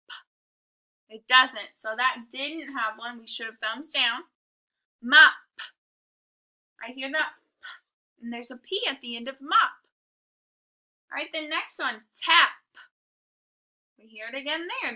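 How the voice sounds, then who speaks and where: Woman, high voice, very bright tone, recorded phonics lesson for little kids, drawn-out letter sounds. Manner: slow, exaggerated sounding-out of letters and words. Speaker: kindergarten teacher.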